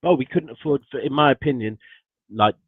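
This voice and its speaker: A man's voice: mid-range voice, brisk, breathy edge, no room sound. A man talking football on a livestream as a guest, exasperated and passionate, swearing a lot, heard through a tinny phone-like mic. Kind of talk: casual football chat on a livestream.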